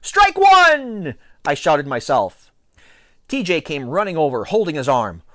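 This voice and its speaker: A man reading a children's novel aloud with an expressive, playful storytelling delivery. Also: a little high, moderate pace, no echo, clean studio sound. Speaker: reader.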